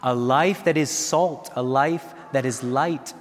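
A man's voice: mid-range voice, slow, slight background noise. A man in his forties, a priest giving an earnest homily at Mass, often chuckling between phrases. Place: large church. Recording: echoey church with long reverb.

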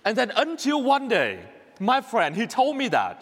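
Man, Vietnamese accent, priest's homily, earnest and repetitive, high voice, long church reverb. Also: huge pitch swings, normal speed, a bit bright. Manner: earnest, repetitive, laughing at himself.

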